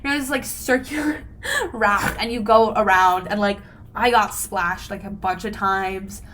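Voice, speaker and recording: A woman's voice: medium pitch, measured pace, fairly bright tone. A young woman co-hosting a podcast, telling a long casual story with lots of "like" and fillers. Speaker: podcast co-host. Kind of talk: casual chat.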